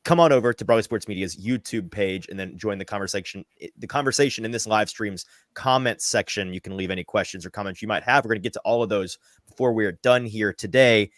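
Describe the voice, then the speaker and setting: Fast-talking low-voiced podcast host. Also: male voice, no room sound, studio quality. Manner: brisk, keeps the show moving. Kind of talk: live podcast hosting.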